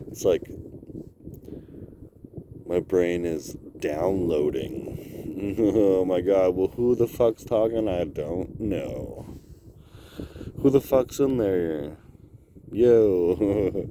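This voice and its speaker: A tired, sleep-deprived man talks in a very low voice, slow and drawn out, swearing and laughing as he rambles. He records a video diary on a handheld camera outdoors by the water, with clear outdoor ambience behind him. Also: background noise.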